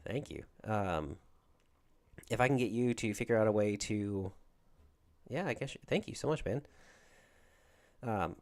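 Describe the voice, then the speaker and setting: A man's voice: fairly low pitch, lively intonation, measured pace, long pauses. A man from Georgia with a Southern accent, hosting a casual livestream and chatting with viewers in a rambling way. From Georgia, USA. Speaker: livestream host.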